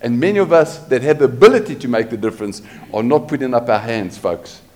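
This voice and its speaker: A man's voice: medium pitch, lively intonation, quick pace, a little mellow. A man preaching a sermon, asking his congregation rhetorical questions as he goes. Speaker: pastor.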